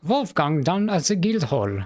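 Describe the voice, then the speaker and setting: A man's voice: on the high side, very animated, unhurried, a little mellow, pitched above the performer's own voice. A man voicing a weary, philosophical male town sheriff, reading game dialogue aloud in a mock German accent with a friendly, musing manner. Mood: informative.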